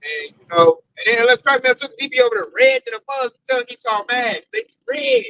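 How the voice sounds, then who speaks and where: A man in a casual religious group discussion, telling animated stories and swearing freely. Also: very high-pitched, quick pace, no room sound. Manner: animated storyteller, mimics coworker, swears freely. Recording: dull dry recording.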